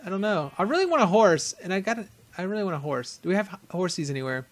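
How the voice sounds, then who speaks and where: A man's voice: sits high, lively intonation, fast. A man rambling chattily through casual game commentary, laughing often as he talks. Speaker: gaming channel host. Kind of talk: casual let's-play commentary.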